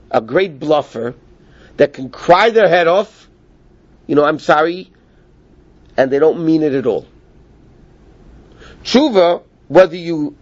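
A high-voiced, husky man explains Talmud with animated delivery and acts out the voices of the people he quotes. The recording is dull and lo-fi. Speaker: Torah teacher.

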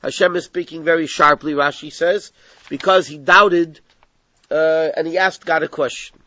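A man's voice: a little high, steady tone, normal speed, sharp tone, dry recording. A man teaching a text study class, explaining the passage step by step and mixing in Hebrew terms. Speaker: Torah teacher. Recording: dull lo-fi recording.

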